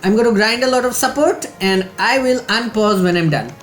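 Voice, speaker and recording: A man hosting a let's play, calmly thinking aloud while he plays a strategy game. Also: high-pitched, normal speed, echoey room, soft background music. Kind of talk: game commentary.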